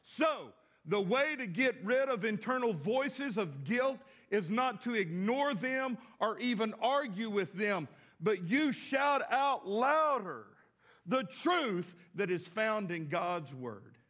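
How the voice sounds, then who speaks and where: A pastor from the States, preaching a sermon with emphatic rises and repeated words. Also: male voice, high-pitched, sing-song, slow, a bit bright. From southern United States.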